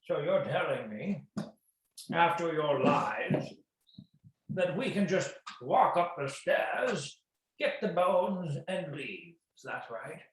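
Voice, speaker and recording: A man playing a tabletop game, speaking in character in a measured, mock-formal way. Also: fairly high pitch, lively intonation, far from the mic. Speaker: player. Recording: very echoey room, faint noise.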